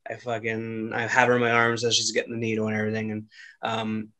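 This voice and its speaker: A man's voice: on the low side, completely flat delivery, fast, bright, forceful tone. A man hosting a casual chat show, talking loosely with lots of fillers and laughs. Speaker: podcast host.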